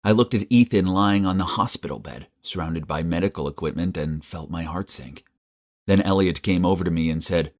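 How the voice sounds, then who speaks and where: A man narrating a first-person story in an earnest, subdued way for an animated story video. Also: low voice, normal speed.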